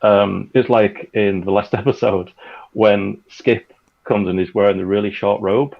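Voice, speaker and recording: A man in casual chat as a podcast guest, telling animated, rambling stories with lots of fillers. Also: fairly low pitch, measured pace, creaky, lo-fi sound. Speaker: guest, audio drama creator. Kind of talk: casual chat over a call.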